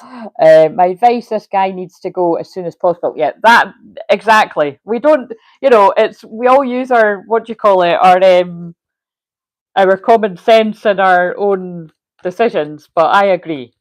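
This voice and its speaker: A woman's voice: medium pitch, unhurried, no room sound, low-quality recording. A woman giving a casual livestream tarot reading, chatty, swearing freely and laughing often. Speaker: tarot reader.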